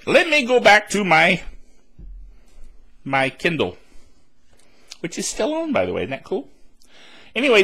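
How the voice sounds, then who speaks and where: A man's voice: on the high side, bright, forceful tone, slightly rough. A man hosting a solo tech news podcast, chatty and rambling with laughs and asides, his throat a little dry. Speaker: podcast host.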